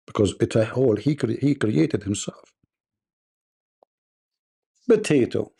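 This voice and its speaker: A man's voice: mid-range voice, measured pace, creaky, warm tone, husky. A man hosting a livestream debate, delivering a mocking, combative monologue.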